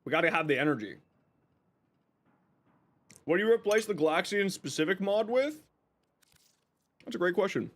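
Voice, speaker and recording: Upbeat man hosting a gaming stream; bright high voice that swings a lot, chatty and friendly with chat. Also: moderate pace, long pauses. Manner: greets chat by name, lively and upbeat; eating while talking. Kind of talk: casual live stream chat.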